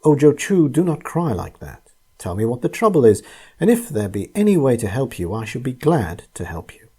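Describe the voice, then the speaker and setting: A man's voice: mid-range voice, sing-song, moderate pace, warm tone, husky. A man voicing a kind old merchant who pleads earnestly in a storybook ghost tale. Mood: pleading.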